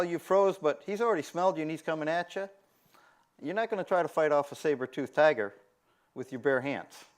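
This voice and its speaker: Man giving a conference talk, somewhat high voice, lively delivery that acts out the people he quotes. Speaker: conference speaker. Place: conference room.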